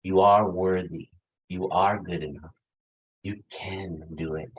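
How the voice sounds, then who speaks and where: A man voicing a gentle, nurturing woman's inner voice that soothes and reassures him. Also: low voice, steady tone, slow pace, rough recording. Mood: soothing.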